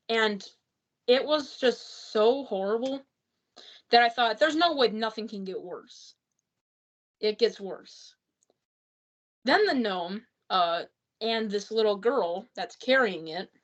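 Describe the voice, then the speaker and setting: A woman's voice: on the high side, lo-fi sound. A woman giving a rambling, exasperated spoken movie review, full of fillers and restarts.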